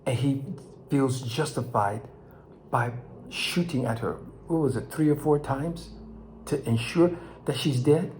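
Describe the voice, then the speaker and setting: An older man from Los Angeles, talking straight to his viewers in an emotional monologue, his voice climbing high when he is angry and sinking low and quiet as he reflects. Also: measured pace, a little hiss or hum. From Los Angeles, California. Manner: impassioned, rising to near shouts then dropping low. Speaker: vlog host.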